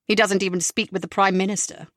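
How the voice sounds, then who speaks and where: A woman voicing a haughty male advertising executive in an audiobook, slow and dismissive. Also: medium pitch, fairly even intonation, fairly bright tone, no room sound, studio quality, natural voice.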